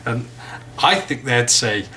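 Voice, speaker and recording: Brief: English male teacher, bright, forceful tone, chatty and jokey. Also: mid-range voice, lively intonation, takes it slowly, a little hiss or hum. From England. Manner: chatty, joking asides. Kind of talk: casual vocabulary lesson.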